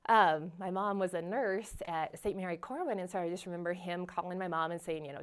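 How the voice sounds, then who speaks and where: A woman's voice: lowish voice, brisk, few pauses. Earnest woman sharing a childhood story. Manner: earnest, with many fillers and small laughs. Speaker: guest sharing her testimony. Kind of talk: personal testimony, storytelling.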